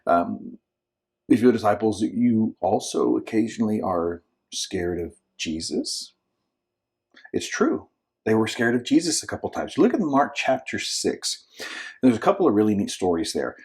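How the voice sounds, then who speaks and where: Male minister, low husky voice, casual storytelling devotional, acts out the voices. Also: big pitch swings, a little slow. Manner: conversational storytelling, acts out voices with sudden shouts and whispers; frequent restarts and filler asides. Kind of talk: informal short devotional talk.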